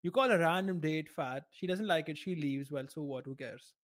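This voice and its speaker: A man's voice: fairly high pitch, moderate pace. A man co-hosting a podcast in casual chat, blunt and laughing at his own stories. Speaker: podcast co-host.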